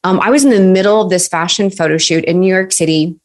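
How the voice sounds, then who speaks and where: Woman in her 30s, lowish voice, chatty and animated, lots of "like" and "um", acts out the people she quotes. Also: fast. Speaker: podcast guest, success coach. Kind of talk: casual interview storytelling.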